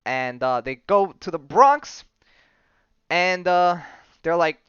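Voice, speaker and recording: A man hosting a podcast, casually recapping a comic book story with plenty of fillers and quick acted-out character lines. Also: high voice, lively intonation, a bit bright, smooth, no room sound, muffled recording. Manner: rambling storytelling with many fillers, briefly acting out characters' lines. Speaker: podcast host.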